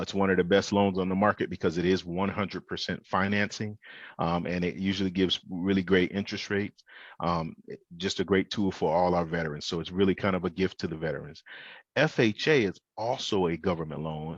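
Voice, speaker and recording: A very deep-voiced man works through government home loans in a methodical way with plenty of fillers. His voice is dull and lo-fi, as if heard over a muffled line, with no room sound. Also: fairly even intonation, a little fast, dry recording. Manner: methodical, plain explanations with fillers. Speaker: mortgage lender guest. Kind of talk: explanatory talk show answer.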